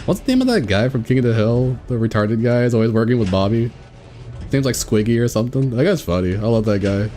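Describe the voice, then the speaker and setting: A man's voice: medium pitch, lively intonation, normal speed, long pauses, a little mellow, faint music behind. A man casually commentating his own game playthrough, thinking aloud and laughing often. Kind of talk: casual let's-play commentary.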